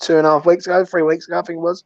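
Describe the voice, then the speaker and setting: A man hosts a casual chat and calls everyone mate. His voice sits a little high. The sound is dull and dry. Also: level tone, very fast, dry recording. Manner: matey, calls people "mate". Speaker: host.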